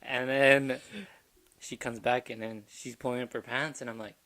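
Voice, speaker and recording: A man's voice: mid-range voice, level tone, normal speed, pushed and bright. Rambling, laughing podcast storyteller man. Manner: rambling, crude, laughs at own jokes. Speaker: podcast co-host. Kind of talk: casual comedic storytelling.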